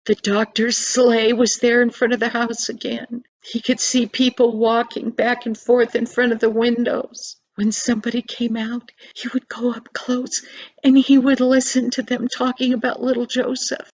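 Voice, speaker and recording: An older woman telling a children's story slowly and expressively, with dramatic pauses. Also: fairly high pitch, husky, low-quality recording.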